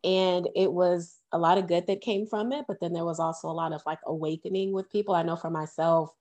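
Reflective woman guest, lowish voice, easy conversational manner. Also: steady tone, brisk, darkish tone, muffled recording. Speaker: podcast guest. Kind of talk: casual conversation.

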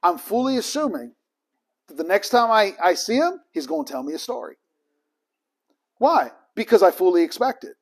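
A man's voice: sits high, big pitch swings, normal speed, pauses often. A man teaching a ministry training group in a casual, emphatic way, acting out both sides of the conversations in his stories.

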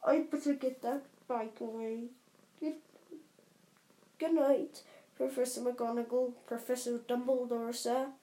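A woman voicing a huge, shaggy, soft-hearted half-giant man who stammers in a storybook reading. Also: fairly high pitch, steady tone, slow pace. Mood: muffled. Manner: stammering, sobbing. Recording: roomy echo.

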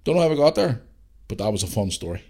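A man's voice: lowish voice, very animated, fast, a little mellow, husky. A Northern Irish man in his forties, hosting a podcast and telling a rambling story, swearing freely. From Northern Ireland. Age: 40s. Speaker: podcast host. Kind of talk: casual storytelling.

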